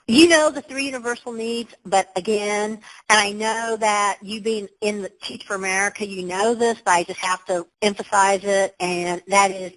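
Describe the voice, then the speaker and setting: A woman's voice: medium pitch, fairly bright tone, poor audio. A woman giving a motivational webinar talk over her computer, emphatic and upbeat, with exclamations. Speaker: webinar presenter.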